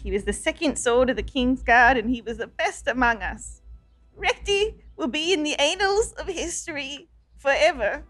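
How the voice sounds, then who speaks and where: A woman voicing a grieving young male adventurer, a simple and hot-headed man who shouts through his tears. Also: high-pitched, animated, normal speed, soft background music. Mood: mournful.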